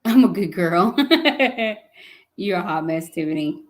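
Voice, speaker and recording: With a lowish voice and lively intonation, a pregnant young woman speaks slowly. She's hosting a laid-back live chat, reading comments, teasing her audience playfully, and laughing often.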